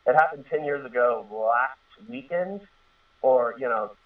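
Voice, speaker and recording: A man's voice: mid-range voice, measured pace. A man in his thirties telling a personal story in a casual, earnest way, rambling with fillers and restarts. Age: 30s. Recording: tinny distant phone-line radio sound.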